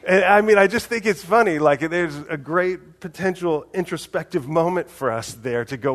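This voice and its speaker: Speaking at normal speed with hardly any pauses, a man preaches a casual, animated, conversational sermon. His volume rises and falls sharply, softening into a low voice whenever he quotes someone.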